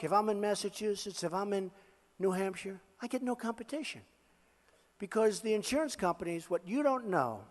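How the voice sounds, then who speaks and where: An older man holds forth at a campaign rally, boasting and repeating his lines in an off-the-cuff way. His voice sits high for a man, and a long hall reverb trails each phrase. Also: darkish tone. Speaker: political candidate at a rally. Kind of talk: rally speech.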